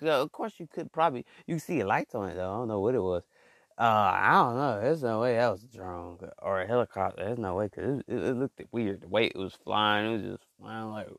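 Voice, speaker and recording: A man's voice: on the low side, a bit bright, no room sound, studio quality. A man vlogging in a casual monologue who stammers and repeats words, talks in slang and calls his listeners y'all and bro.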